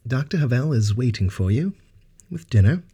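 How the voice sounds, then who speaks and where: A man voicing a good-natured male doctor in an audiobook, talking warmly and genially. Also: medium pitch, very animated, normal speed, husky, voice pushed up. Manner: warm, genial.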